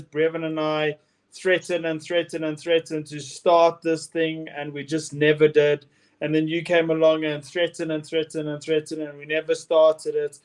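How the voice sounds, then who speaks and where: A man's voice: a little high, clear, resonant tone. A South African man co-hosting a casual podcast, blunt and rambling. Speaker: podcast co-host. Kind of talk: casual chat.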